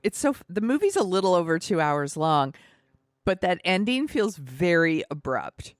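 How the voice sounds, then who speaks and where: A woman co-hosting a podcast, recapping a film plot in animated, casual chat. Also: on the low side, normal speed, dry recording, clean studio sound. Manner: chatty, animated recapping with laughs and fillers. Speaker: podcast co-host. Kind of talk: casual movie discussion.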